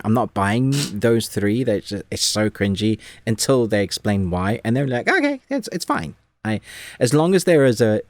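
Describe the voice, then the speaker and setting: Low-voiced man rambling about a movie. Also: no room sound. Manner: rambling, animated, frequent restarts and laughs. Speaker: podcast co-host. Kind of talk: casual movie review chat.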